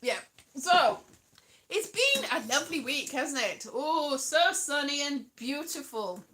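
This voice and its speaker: A woman's voice: high voice, very animated, slow, bright, forceful tone, slight background noise. A British woman hosting a casual live stream, chatting playfully and drifting into sing-song. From United Kingdom.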